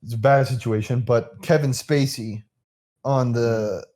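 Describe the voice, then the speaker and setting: A young man co-hosting a casual podcast, eager and loud, with many fillers. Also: medium pitch, steady tone, unhurried. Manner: enthusiastic, loud, filler-heavy. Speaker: podcast co-host. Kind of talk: casual chat.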